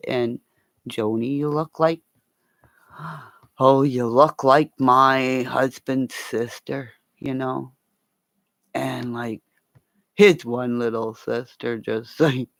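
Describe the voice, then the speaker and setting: A woman's voice: a bass voice, vocal fry, dry recording. A woman from Northern Ontario chatting on a livestream, rambling and swearing freely as she talks to her viewers by name and calls them darling. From Northern Ontario, Canada.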